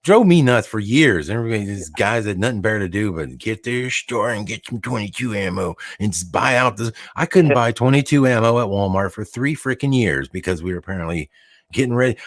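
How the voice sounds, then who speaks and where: A man's voice: mid-range voice, animated, a little fast, dry recording. A middle-aged man hosting a call-in show, chatting casually and rambling, often laughing and restarting his sentences. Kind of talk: casual chat.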